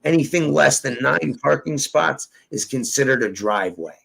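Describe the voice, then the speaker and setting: A man with a gravelly, creaky voice tells a rambling, profane tale in casual chat. He acts out each quoted line himself. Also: medium pitch, animated, moderate pace, fairly bright tone, poor audio. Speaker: storyteller guest.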